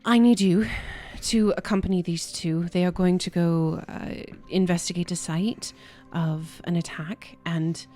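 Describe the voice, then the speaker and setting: A woman's voice: lowish voice, steady tone, unhurried, few pauses, warm tone, faint music behind, close to an everyday voice. A woman playing a composed noble lady ruler. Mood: earnest.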